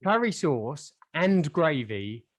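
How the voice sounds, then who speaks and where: A man's voice: a little high, big pitch swings, takes it slowly. A man from England co-hosting a podcast in casual chat, rambling and jokey, often poking fun at himself. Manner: rambling, self-mocking, jokey. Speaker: podcast co-host.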